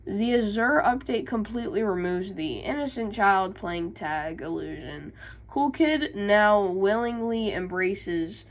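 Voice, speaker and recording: A woman YouTuber reading game lore aloud with casual asides, halting and stumbling over words. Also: medium pitch, low-quality recording.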